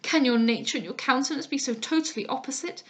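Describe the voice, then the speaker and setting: A woman reading the part of an ardent, pushy gentleman suitor who speaks in effusive, flowery declarations. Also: high-pitched, quick pace. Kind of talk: dramatized audiobook reading.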